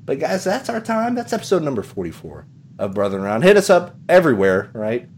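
A man hosting a podcast in casual chat, animated, swearing and using lots of fillers. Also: mid-range voice, a little fast, slight background noise. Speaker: podcast host.

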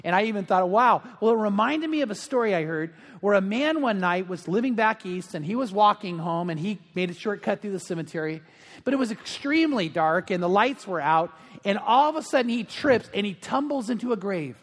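High-voiced middle-aged preacher. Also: male voice, lively intonation, fairly quick, in a large hall. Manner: anecdotal storytelling with frequent fillers. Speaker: pastor. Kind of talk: sermon.

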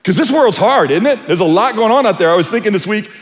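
A man with a fairly high voice preaches a sermon in a big hall, his words trailing in a long reverb. He shifts from earnest explanation into animated storytelling, acting out quotes. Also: fast talker. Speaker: pastor.

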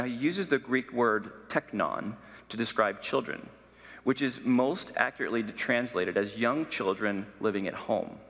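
A pastor preaching a sermon, teaching in an emphatic way. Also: male voice, mid-range voice, a bit bright, long reverb tail.

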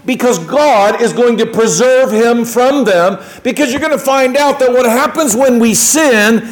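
Man, high-pitched, preaching, conversational sermon, plays out quoted dialogue. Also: unhurried, rough recording. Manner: conversational, acts out little quoted exchanges. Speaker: pastor.

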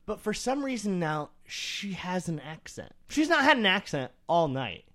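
A man with an Iowa accent co-hosting a podcast, telling a story in a rambling, animated way with many fillers. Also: high-pitched, moderate pace. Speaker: podcast co-host. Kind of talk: casual storytelling chat.

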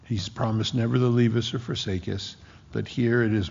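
A man preaching a sermon with impassioned, slowly drawn-out emphasis. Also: mid-range voice, steady tone, creaky, a little mellow. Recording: dull lo-fi with long hall reverb.

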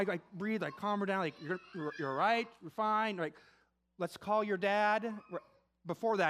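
A middle-aged man preaching a conversational sermon, telling a personal story with animated asides. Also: a little high. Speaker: pastor.

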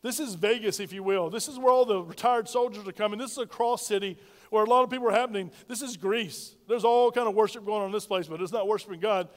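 A man's voice: high-pitched, quick pace. Man, pastor, call-and-response sermon, lingering hall reverb. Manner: preachy call-and-response, asks congregation to repeat lines. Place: church sanctuary.

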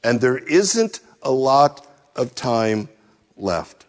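A man preaching a sermon as pastor, asking searching rhetorical questions one after another and letting phrases sink low at the ends. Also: slow pace, big-room sound.

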